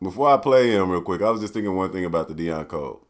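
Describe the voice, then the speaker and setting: A man's voice: deep voice, expressive, fast. A man hosting a podcast in laid-back, joking chat, laughing often and swearing freely. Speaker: podcast host.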